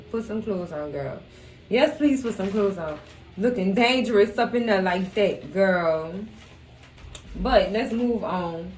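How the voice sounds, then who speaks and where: A woman's voice: medium pitch, a little mellow, recorded from a distance, slight background noise. A young woman, chatting casually about a show, acting out quotes and laughing often. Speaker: recap channel host. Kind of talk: casual TV recap chat. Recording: echoey room.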